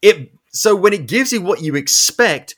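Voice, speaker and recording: A young man casually recapping a movie with a co-host, animated and swearing, acting out characters' lines. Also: high-pitched, normal speed. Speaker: podcast co-host.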